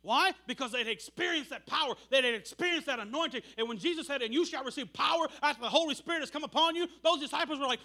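A man preaching a sermon, telling stories with animated bursts of shouting. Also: very high voice, fast, few pauses.

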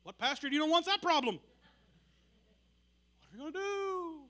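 A man preaching a sermon, telling stories with animated bursts of shouting. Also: extremely high pitch, normal speed.

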